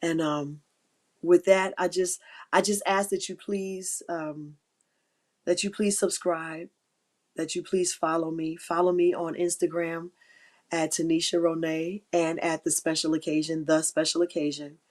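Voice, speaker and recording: Middle-aged woman host, lowish voice, heartfelt faith encouragement, near tears, repetitive. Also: little pitch movement, unhurried, darkish tone. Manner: heartfelt and encouraging, repeats key phrases. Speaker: livestream host. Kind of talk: inspirational faith talk on a live stream.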